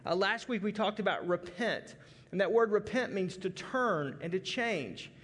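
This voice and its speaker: A man's voice: high-pitched, expressive, unhurried, fairly bright tone, husky. A man from Arkansas preaching a folksy, conversational sermon with many restarts. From Arkansas, USA. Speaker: pastor. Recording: long hall reverb.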